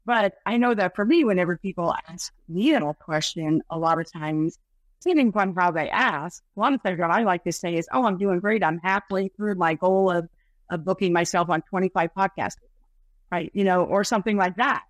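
A woman's voice: fairly low pitch, a little fast, dry recording. Chatty woman podcast host. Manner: chatty, many fillers like right and you know. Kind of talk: podcast interview.

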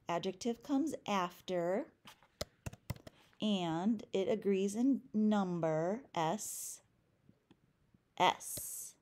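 An American woman teaches a French class, upbeat and chatty, slowing right down to drill each word and spell it out. Her pace is unhurried and there is a faint hiss under the recording. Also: mid-range voice, dark tone. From United States.

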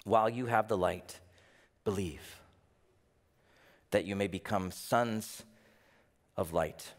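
Pastor preaching in an echoing hall. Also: male voice, slow. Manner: animated, voices rhetorical questions with rising pitch. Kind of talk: sermon. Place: church.

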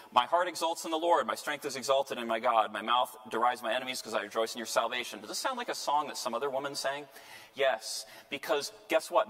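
Priest guy teaching bible class, chatty and lively, asks the room stuff, big hall echo. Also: mid-range voice. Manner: animated, conversational, asks the class questions. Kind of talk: parish lecture on scripture. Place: church hall. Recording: long hall reverb.

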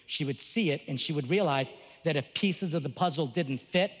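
A man, a Catholic priest, giving a lively conference talk with jokes and a teaching tone. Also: fairly high pitch, a little fast. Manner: animated, joking, teaching tone. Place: large conference hall. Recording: long reverb of a large hall.

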